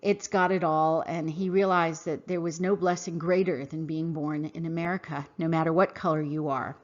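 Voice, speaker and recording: A woman hosting a podcast, reading a scripted monologue in an earnest, emphatic, measured way. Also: low-pitched, steady tone, highs cut off. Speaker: podcast host. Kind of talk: scripted monologue read aloud.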